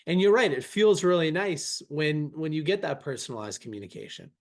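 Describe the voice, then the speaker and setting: A man hosting a podcast, asking a guest a question in a conversational, measured way. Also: fairly high pitch, big pitch swings. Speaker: podcast host. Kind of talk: interview question.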